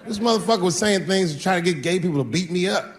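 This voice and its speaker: A man doing a stand-up comedy set, telling loose stories and breaking into sudden shouts before a laughing crowd. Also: sits high, fast, long reverb tail, a little hiss or hum. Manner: loose, animated storytelling with sudden shouts and put-on voices. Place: stage before a laughing audience.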